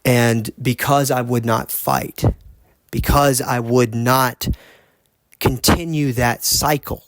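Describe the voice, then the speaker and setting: Halting man telling a story. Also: mid-range voice, fairly even intonation, no room sound. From United States. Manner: earnest, halting, with frequent restarts. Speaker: podcast host. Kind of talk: personal storytelling monologue.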